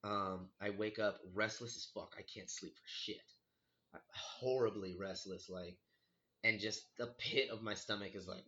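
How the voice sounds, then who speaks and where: A young man with a very bright, forceful voice tells a ghost story in casual chat. He curses freely and acts out his own panicked reactions. The sound is somewhat dull and lo-fi. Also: lowish voice, steady tone, normal speed.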